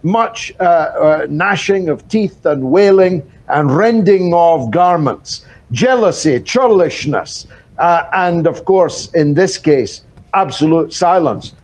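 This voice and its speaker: An older man giving a wry, rhetorical answer as a guest in a live news interview, filling his pauses with "uh". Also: fairly high pitch, lively intonation, a little mellow. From Britain. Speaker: political commentator guest.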